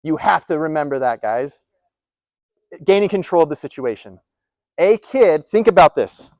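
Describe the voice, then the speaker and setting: A man's voice: fairly high pitch, lively intonation, moderate pace, darkish tone, no room sound. A man giving a live presentation to caregivers, emphatic, asking rhetorical questions and repeating his points. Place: presentation room.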